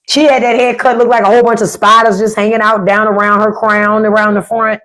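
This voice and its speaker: A woman's voice: medium pitch, moderate pace, long pauses, fairly bright tone. Blunt, profane woman ranting on a livestream. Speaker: livestream host. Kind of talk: casual livestream rant.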